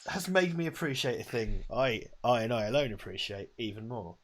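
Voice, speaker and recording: An excitable man chatting casually on a late-night live stream, a little tipsy and swearing freely. His pitch leaps widely, going high when he gets worked up. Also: a little fast. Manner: swears freely, excitable, reads out viewer messages. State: has been drinking. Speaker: co-host. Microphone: lavalier mic.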